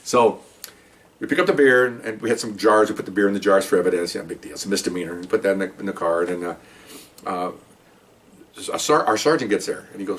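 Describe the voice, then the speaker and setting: A man's voice: fairly low pitch, quick pace, fairly bright tone, recorded from a distance. An older man, a retired police officer, telling stories in a casual monologue, checking in with "okay?" and acting out quoted dialogue. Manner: conversational, frequent "okay?" check-ins, acts out quoted dialogue.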